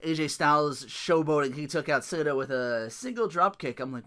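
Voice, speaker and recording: A man hosting a podcast, recapping wrestling matches in a casual, animated play-by-play, laughing often and swearing freely. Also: a little high, moderate pace. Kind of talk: casual solo recap with impressions.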